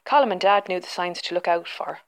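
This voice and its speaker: A woman reading a children's storybook aloud in an expressive, animated way. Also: lowish voice, a little fast.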